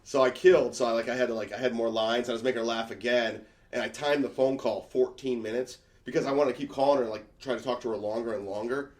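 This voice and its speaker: A man's voice: mid-range voice, steady tone, fast, few pauses. A middle-aged male comedian telling a rambling, self-mocking story in casual conversation. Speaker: stand-up comedian guest.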